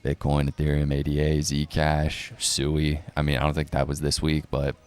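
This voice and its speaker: A man's voice: rumbling low, completely flat delivery, moderate pace, clear, resonant tone, soft background music. A man giving casual, profane, sarcastic commentary, often mocking others by putting on voices. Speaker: crypto news commentator.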